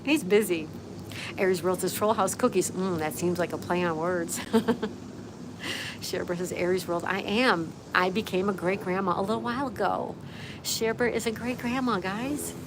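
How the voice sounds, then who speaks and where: A woman's voice: mid-range voice, normal speed, noisy background. A woman hosting a casual livestream outdoors, reading viewers' comments aloud and chatting back to them in a friendly way. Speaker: livestream host. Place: outdoors, with a view.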